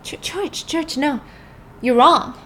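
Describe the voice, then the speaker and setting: A woman's voice: high voice, slow, bright, forceful tone, slight background noise, pitched above the performer's own voice, heavily acted. A woman voicing a tense, shaken male federal marshal who asks urgent questions.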